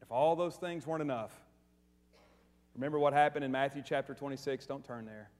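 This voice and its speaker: A man preaching a sermon in a church, energetic and conversational, mixing humor with repeated questions to the congregation. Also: mid-range voice, fairly quick, big-room sound. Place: church sanctuary.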